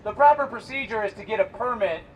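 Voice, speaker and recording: A man's voice: high voice, fast talker. A man giving a fiery, defiant rally speech outdoors on capitol steps. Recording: loud crowd and street noise.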